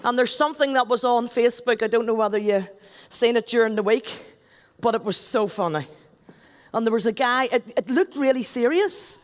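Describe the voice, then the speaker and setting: On stage at a big event, a Northern Irish event MC in middle age jokes and chats with the crowd. She speaks at a moderate pace in a slightly high voice, and the recording carries a long hall reverb.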